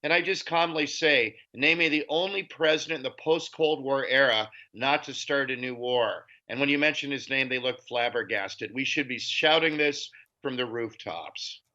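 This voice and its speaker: Forceful, scornful male pundit. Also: mid-range voice, moderate pace, muffled recording. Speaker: guest author. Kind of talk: political commentary interview. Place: lives in Europe.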